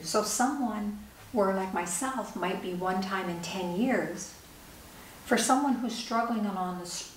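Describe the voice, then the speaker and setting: Older woman author telling a story in an echoey room, heard from a distance with faint hiss. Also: medium pitch. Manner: vivid storyteller who acts out dialogue. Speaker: author and speaker. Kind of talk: personal storytelling talk.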